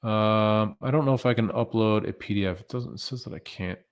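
A man's voice: lowish voice, a little fast. An American man presenting a live webinar, talking loosely and conversationally with many fillers as he answers viewer questions.

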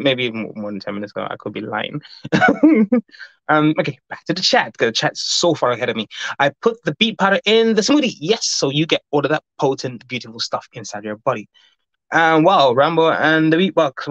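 A man's voice: medium pitch, a bit bright, dry recording, highs cut off. A man hosting a casual livestream, reading out chat comments with rambling asides and frequent laughs. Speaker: livestream host.

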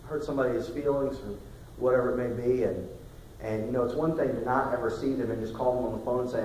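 A man preaching a sermon, telling a story in a quiet voice that rises into loud, emphatic bursts. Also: mid-range voice, steady tone, fast, slight background noise. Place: church sanctuary. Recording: echoey hall recorded from far off.

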